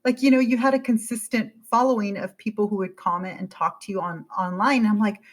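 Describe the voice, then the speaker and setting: A woman in her forties, a podcast guest, telling her story in a casual, animated way and acting out her own thoughts. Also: mid-range voice, a little fast. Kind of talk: casual interview chat.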